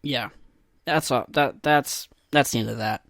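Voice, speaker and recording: A young man's creaky, fairly bright voice at medium pitch carries a measured solo podcast rant, captured cleanly in a studio with no room sound. The rant is comic, exasperated, and profane, peppered with mocking impressions.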